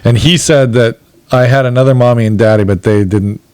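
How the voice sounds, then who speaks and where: A man's voice: medium pitch, fairly even intonation, darkish tone, smooth, no echo. Man tossing in joking asides, dry sound. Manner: quick, joking asides and quips. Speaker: podcast co-host. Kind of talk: casual chat.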